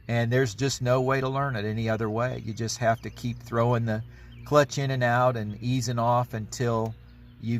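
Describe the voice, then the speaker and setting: Man in his forties, pastor type, mid-pitched voice, easygoing storytelling delivery, faint hiss under the recording. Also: a bit bright. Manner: storytelling, reflective, plain-spoken. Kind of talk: devotional talk.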